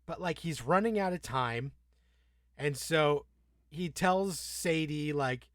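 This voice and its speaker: A fairly high-voiced man recapping a TV episode on a podcast, cursing freely and slipping into little acted bits of dialogue. His voice sits close and dry, with no room sound around it. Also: moderate pace, dry recording. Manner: profane, animated, acts out characters' lines. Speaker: podcast co-host. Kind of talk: casual TV recap discussion.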